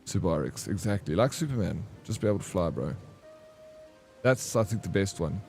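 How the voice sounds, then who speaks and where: A young man, chatting casually and excitably with his stream viewers, rambling between topics. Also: low-pitched, fairly quick, gravelly, soft background music. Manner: rambling, excitable, says bro a lot. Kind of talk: casual chat with live chat.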